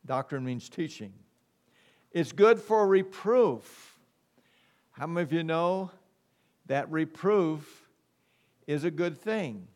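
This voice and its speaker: A middle-aged male pastor preaching in a slow, deliberate cadence, leaning on each phrase. His voice sits a little higher than most men's, and he keeps asking the congregation for an amen. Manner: slow, emphatic preaching with call-and-response "amen". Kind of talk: preaching a sermon.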